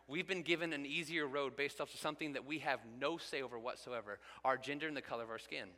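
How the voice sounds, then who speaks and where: A man's voice: mid-range voice, pushed and bright. A man in his thirties, a pastor preaching an earnest sermon that builds to emphatic peaks. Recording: long hall reverb.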